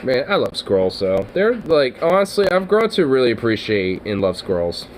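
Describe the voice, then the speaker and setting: A man talks in a loose, rambling way, full of swearing and fillers. He gets excited easily and keeps trailing off mid-thought. There is a faint hiss of noise behind him. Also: medium pitch, normal speed, low-quality recording. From Oregon, US. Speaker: streamer. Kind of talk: casual rambling chat.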